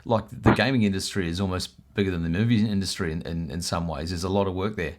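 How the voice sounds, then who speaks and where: A man hosting a casual interview, relaxed and rambling, often stumbling and repeating words. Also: sits low, fast talker. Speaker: interview host.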